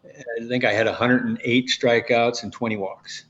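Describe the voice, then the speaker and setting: A man in his sixties, a former pitcher and guest, telling stories in a rambling way with many restarts. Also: little pitch movement, moderate pace, a bit bright. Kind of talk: casual interview storytelling. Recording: dull lo-fi audio.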